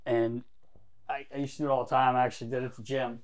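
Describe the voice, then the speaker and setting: A man's voice: mid-range voice, flat delivery, fast talker. Man telling stories with lots of quotes. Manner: acts out other people's lines in quotes. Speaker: podcast co-host. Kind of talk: animated storytelling.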